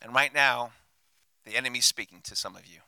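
A male pastor preaching a sermon on a handheld mic, passionate, swinging from hushed, intimate lines to loud declarations. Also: medium pitch, fairly even intonation, fairly quick, clean tone, no echo.

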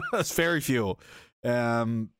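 A man's voice: medium pitch, extremely slow, no echo. Guy ranting on a stream, swears a ton, rambly stories, bouncy voice, dry mic. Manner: crude, blunt and animated; rambling storyteller. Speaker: livestreamer reading chat. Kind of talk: casual profane rant.

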